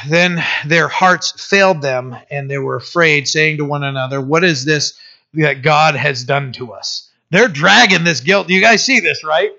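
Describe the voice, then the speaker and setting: Male pastor, conversational sermon; bright, slightly high voice; dull lo-fi recording. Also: a little slow, vocal fry. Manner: conversational, many fillers, asks listeners "right?". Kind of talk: sermon reading and explaining scripture.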